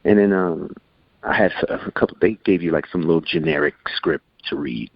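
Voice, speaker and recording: Deep-voiced man telling lively stories. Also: a little fast, vocal fry, no echo. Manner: animated, acts out quotes in voices. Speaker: guest. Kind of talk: casual storytelling. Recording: dull lo-fi sound.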